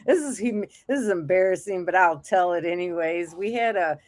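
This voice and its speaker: A middle-aged woman with a lowish voice co-hosts a casual chat show at a normal pace. She's a chatty storyteller who laughs often.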